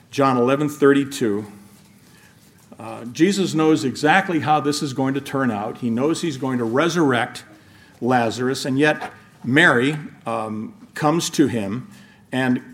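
A middle-aged man delivers a sermon in an easy, conversational tone. His voice sits at an ordinary pitch, and he often stops and restarts as he thinks out loud. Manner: conversational, with many restarts and asides. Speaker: preacher.

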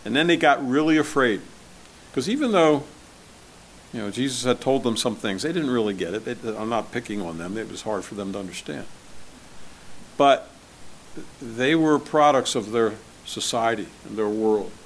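A man preaching a sermon as pastor, conversational and asking his listeners questions, swinging between loud and soft. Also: lowish voice, animated, normal speed, a little hiss or hum. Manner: conversational, asks the congregation questions.

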